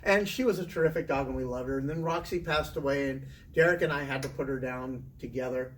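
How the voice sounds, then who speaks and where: Middle-aged man, chatty animated storyteller, recorded from a distance. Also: mid-range voice, fast talker. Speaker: interview guest, former teacher. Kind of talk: casual storytelling. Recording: distant mic with faint room noise.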